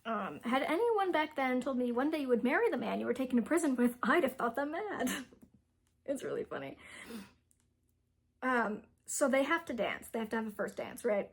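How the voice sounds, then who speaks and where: A woman's voice: sits high, big pitch swings, moderate pace, husky. A young woman casually retelling a book's plot, rambling with lots of fillers and giggles. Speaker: book reviewer.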